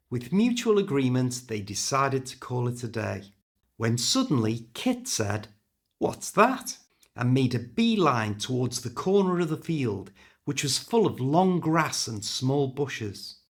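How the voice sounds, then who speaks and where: Expressive British male storyteller. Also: medium pitch, a little slow. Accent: British English. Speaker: storyteller for English learners. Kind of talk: scripted story narration.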